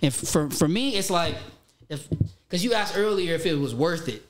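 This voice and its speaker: A man in his thirties, a podcast guest, talking in animated casual chat and swearing freely. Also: fairly high pitch, normal speed. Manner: animated, swears casually, frequent "you know". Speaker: podcast guest, former child actor.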